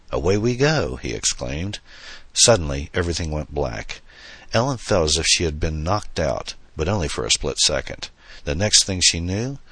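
A man narrates a novel in a steady, measured way. His voice sits extremely low yet has a bright, slightly husky edge, and the close recording is dry with no room sound. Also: dry recording. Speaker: audiobook narrator. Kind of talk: scripted narration.

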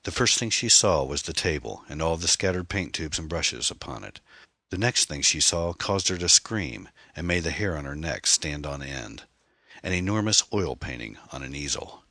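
Deep, husky male audiobook narrator. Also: lively intonation, moderate pace, pushed and bright, dry recording, clean studio sound.

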